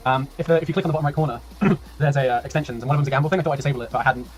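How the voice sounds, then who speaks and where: Casting a strategy game tournament on a live stream, a man chats, laughs, rambles, swears and reads the chat aloud. His medium-pitched, rapid-fire voice is tiring, and he clears his throat often, with a little hiss or hum in the audio.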